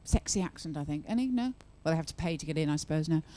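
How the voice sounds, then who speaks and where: A woman's voice: sits low, animated, racing, mellow. A woman performing a stand-up comedy set at a live venue, chatty and sarcastic, teasing the crowd.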